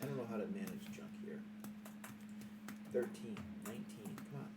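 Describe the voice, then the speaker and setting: A man's voice: on the low side, normal speed, recorded from a distance, very noisy. A man playing in a tabletop role-playing game, talking playfully and describing his character's actions. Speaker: player.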